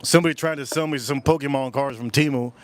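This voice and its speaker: A man's voice: mid-range voice, fast. A man hosting a casual livestream, rambling and repeating his phrases as he chats with viewers at home. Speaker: livestream host.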